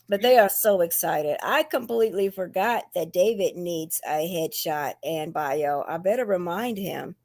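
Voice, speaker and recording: A woman co-hosting a community livestream, chiming in with friendly, quick remarks. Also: fairly low pitch, creaky, darkish tone, dry recording, clean studio sound. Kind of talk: casual chat.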